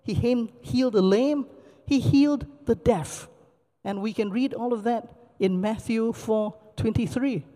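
A pastor delivering a sermon, moving from personal story to scripture and stressing points by repeating key words. The voice is mellow and relaxed, and it rings out in a long hall reverb. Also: medium pitch, unhurried. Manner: storytelling, emphatic repetition.

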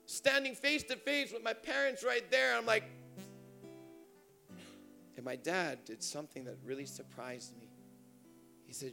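A man's voice: high voice, measured pace, creaky, pauses often, pushed and bright, faint music behind. A young man preaching a sermon at a church service, with impassioned, rising emotional appeals.

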